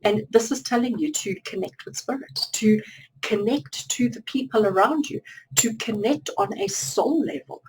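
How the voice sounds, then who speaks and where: A woman's voice: a little high, lively intonation, moderate pace, a little mellow, slight background noise, poor audio. A woman giving a spiritual tarot reading to viewers, repeating phrases in long chains. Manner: repetitive, lists phrases in chains. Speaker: tarot card reader.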